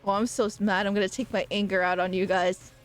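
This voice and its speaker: A young woman streaming a game and chatting casually, excitable and quick to swear, with loud playful outbursts. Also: mid-range voice, faint music behind. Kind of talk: casual live-stream gaming commentary.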